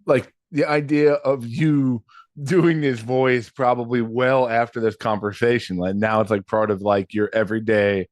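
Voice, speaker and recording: A man's voice: medium pitch, steady tone, moderate pace, no echo. A man hosting a podcast, chatting loosely and laughing easily, with many restarts. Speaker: podcast host. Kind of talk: casual chat.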